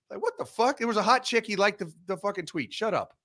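A man co-hosting a casual sports talk show, blunt and profane, giving animated opinions. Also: high-pitched, quick pace.

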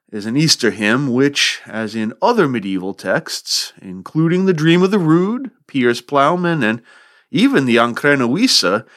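A man hosting a literature podcast, lecturing with wry joking asides and reading a poem aloud. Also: medium pitch. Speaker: podcast host.

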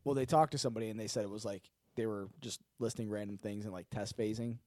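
A man's voice: lowish voice, fast talker, no room sound. A man hosting a casual podcast, telling stories in a loose, profane way. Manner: profane, animated storytelling. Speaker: podcast host. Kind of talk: casual chat.

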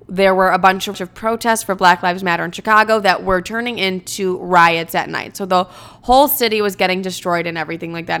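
A young woman with a smooth, resonant voice tells a story to camera in a casual, chatty way. She is animated and self-mocking, and she swears freely as she talks. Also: fairly low pitch. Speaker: vlogger.

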